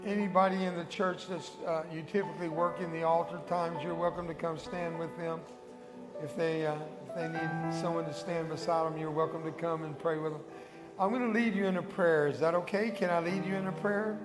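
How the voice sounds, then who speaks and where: A man's voice: fairly high pitch, steady tone, a little fast. An older man, a guest evangelist, leading an altar call and a spoken prayer in a large church sanctuary, fervent and coaxing, with murmured praise between lines. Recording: echoey hall with worship music behind.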